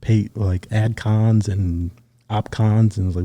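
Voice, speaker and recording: Low, dark-voiced man telling war stories. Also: measured pace, no echo. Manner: relaxed storyteller, acts out quoted dialogue. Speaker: guest, retired Navy SEAL sniper. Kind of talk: casual storytelling interview.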